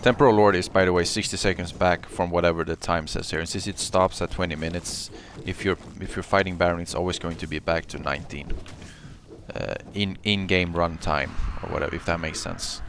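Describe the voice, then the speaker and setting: A man giving live commentary on his own gameplay, excitable, swinging between muttering and yelling, and cursing often. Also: sits low, brisk, a little hiss or hum. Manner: curses often. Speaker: gameplay streamer.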